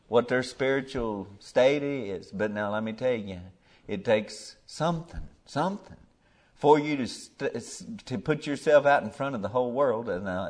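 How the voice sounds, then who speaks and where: Fervent preacher, man. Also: medium pitch. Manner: folksy, rises to fervent emphasis, drops to near whispers. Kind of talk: sermon.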